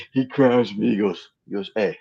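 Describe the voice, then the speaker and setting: A middle-aged man tells behind-the-scenes stories as an interview guest, slipping into the voices of the people in them. His voice sits low with a rough, husky grain. It comes through a muffled, lo-fi remote call. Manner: animated storyteller who acts out quoted dialogue. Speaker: interview guest, film stand-in and double. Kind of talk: casual anecdotal storytelling. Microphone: remote live-stream call.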